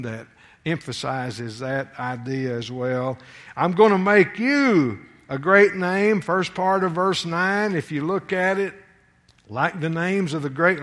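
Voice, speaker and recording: A man teaching from the Bible in a sermon, reading verses aloud with rising emphasis and pausing with fillers as he explains. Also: on the high side, fairly bright tone. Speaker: preacher teaching scripture.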